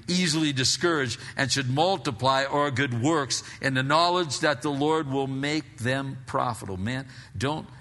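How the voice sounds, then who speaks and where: Animated preaching man in a reverberant hall. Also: medium pitch. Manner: casual, animated preaching with frequent "man" and repetitions. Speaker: pastor. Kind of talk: sermon.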